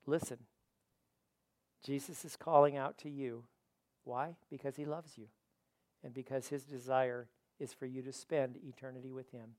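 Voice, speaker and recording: A man preaching a sermon in an auditorium, building to loud declarations and dropping to quiet appeals, sometimes repeating words as he goes. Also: medium pitch. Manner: preaching with rising and falling intensity, repeats words. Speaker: pastor.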